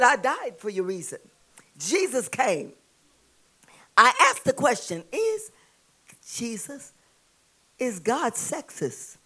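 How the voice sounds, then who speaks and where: A woman preaching a sermon with a Southern US accent, calling out to the congregation and building to shouts. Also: fairly high pitch. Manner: call-and-response preaching, rising to shouts.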